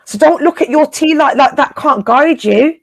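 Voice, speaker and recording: Woman chatting live, upbeat and encouraging, says things twice, slangy, kinda high voice. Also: normal speed, no room sound. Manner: encouraging, repeats phrases for emphasis; slangy, informal speech. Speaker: co-host of a spiritual live chat. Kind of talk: casual live chat.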